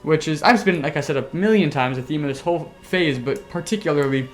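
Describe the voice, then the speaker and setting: A man hosting a casual podcast, telling a story excitably with sound effects and the odd swear word. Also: a little high, a little fast, faint music behind. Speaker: podcast host.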